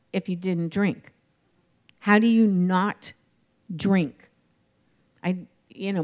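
A woman in her forties telling her recovery story in a candid, reflective way, with many pauses and fillers. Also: mid-range voice, a little mellow. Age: 40s. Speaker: recovery meeting speaker. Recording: dull lo-fi recording.

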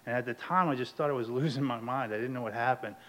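A man sharing his recovery story at a meeting, candid and self-deprecating, laughing often and moving between hushed and animated telling. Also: mid-range voice, fast talker. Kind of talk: personal storytelling.

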